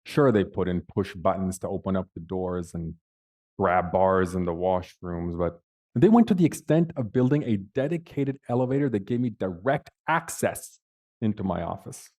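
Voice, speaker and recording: A middle-aged man giving a keynote speech, telling a personal story with dramatic pauses and acted-out quotes. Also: deep voice, expressive, darkish tone. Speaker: keynote speaker.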